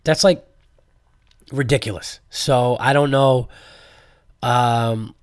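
A man's voice: medium pitch, takes it slowly, clean tone, no room sound. A man hosting his own comedy podcast with a congested, sick voice, rambling casually with fillers, swearing freely and getting fired up as he talks. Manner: animated, profane, rambling with fillers. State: congested from a cold. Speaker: podcast host, stand-up comedian. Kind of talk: casual solo podcast monologue.

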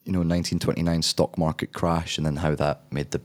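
A man's voice: extremely low pitch, flat delivery, fairly quick. A young adult man, a drama student, giving thoughtful, rambling interview answers with frequent restarts.

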